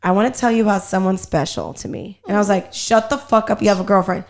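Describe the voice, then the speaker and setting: Young woman, podcast host, casual storytelling, animated, swears a lot, mid pitch. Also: fast talker. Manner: animated, profane storyteller, quotes herself and others.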